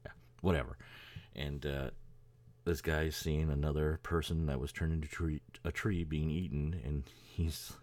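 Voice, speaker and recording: Very deep-voiced rambling male podcaster. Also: fairly even intonation, measured pace, a little mellow. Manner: rambling, profane, chuckling. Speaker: podcast host. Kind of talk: casual chat.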